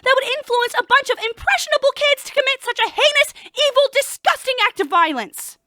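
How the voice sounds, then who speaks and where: A woman's voice: extremely high pitch, lively intonation, fairly quick, background noise. A woman playing an indignant female reporter in a radio comedy sketch, shrieking about immorality. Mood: outraged. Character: shrill outraged moralizing female reporter.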